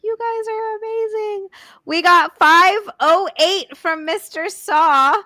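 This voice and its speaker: A woman's voice: very high-pitched, takes it slowly, pushed and bright, no echo, clean studio sound. A young woman hosting a casual live stream, giggly and chatty, thanking viewers and swearing offhand. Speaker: streamer host.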